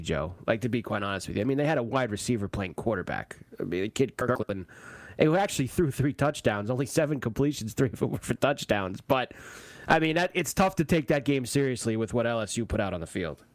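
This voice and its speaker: A man's voice: mid-range voice, animated, fairly quick, no room sound. A man hosting a sports radio show, talking in an emphatic, mocking way and repeating himself.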